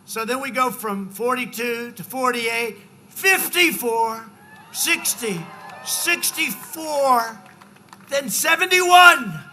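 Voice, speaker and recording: A man in his seventies giving a rambling, off-the-cuff campaign rally speech, full of repetitive asides to the crowd and shouted emphasis. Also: very high voice, slight background noise. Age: 70s. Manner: swings into shouted emphasis on numbers. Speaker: politician addressing a rally. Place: large political rally.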